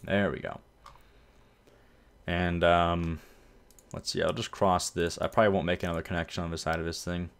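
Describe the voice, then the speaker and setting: A man casually commenting while playing a city-building game, rambling and correcting himself as he goes. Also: low-pitched. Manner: relaxed, rambling, self-correcting. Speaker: gameplay video host. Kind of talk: casual let's-play commentary.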